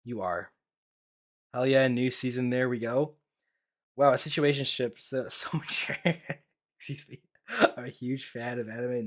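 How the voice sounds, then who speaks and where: A young man giving casual reaction commentary as an anime YouTuber, blunt and profane, rambling with lots of fillers. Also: mid-range voice.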